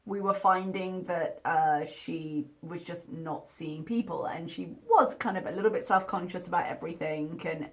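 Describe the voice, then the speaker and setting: A woman commentating over a video she is reacting to, talking in a candid, critical and chatty way. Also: fairly low pitch.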